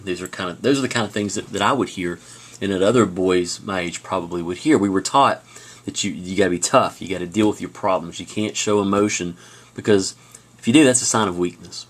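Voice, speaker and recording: A man teaching a high school class on video, telling stories in a casual way with fillers and restarts. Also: brisk.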